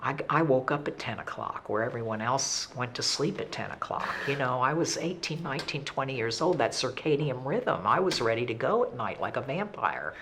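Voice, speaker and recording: A woman, animated and self-deprecating as she talks candidly about her past. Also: a bass voice, a little fast, hardly any pauses, a little hiss or hum. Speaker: interviewee in recovery. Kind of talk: candid conversational storytelling.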